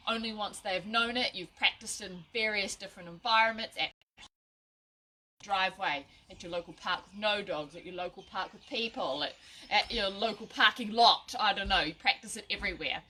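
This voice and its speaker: Woman, dog trainer, bright tone, chatty live lesson, faint background noise. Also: mid-range voice, moderate pace. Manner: chatty, laughs at own slips, many restarts. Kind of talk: casual instructional live video. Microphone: phone or camera at a short distance.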